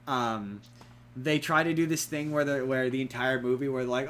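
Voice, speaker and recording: A young man casually reviewing a movie on a podcast, rambling and animated, acting out quotes in silly voices. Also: medium pitch, moderate pace. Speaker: podcast co-host.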